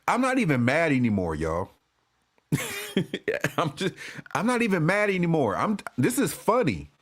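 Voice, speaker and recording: A man ranting as a sports fan commentator, profane and animated, often restarting and repeating himself. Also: a little high. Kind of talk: ranting vlog.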